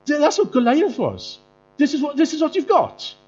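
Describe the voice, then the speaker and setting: A male preacher, delivering a sermon in an animated way, often jumping into mocking voices. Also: moderate pace, a little hiss or hum. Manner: animated, jumps into high mocking voices for quoted characters. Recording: muffled lo-fi sound with faint music.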